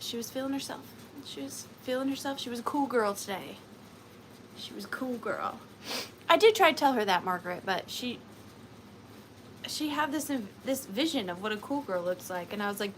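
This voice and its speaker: A woman's voice: fairly high pitch, fairly bright tone, a little hiss or hum, rough recording. Chatty woman hosting a live sale. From Georgia, USA. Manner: chatty, rambling, laughs often, lots of fillers. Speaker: host of a live vintage and antique sale. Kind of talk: casual livestream chat.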